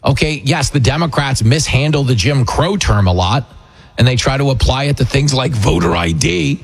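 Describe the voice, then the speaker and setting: A man's voice: medium pitch, normal speed, gravelly, slightly rough. A man hosting a political talk radio show, delivering an opinionated monologue in a combative, sarcastic way. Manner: combative, sarcastic, mocking impressions.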